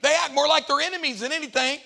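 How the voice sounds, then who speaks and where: A male pastor preaching a sermon, swinging from loud and animated to hushed, with playful asides to the congregation. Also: very high voice, fast talker, vocal fry.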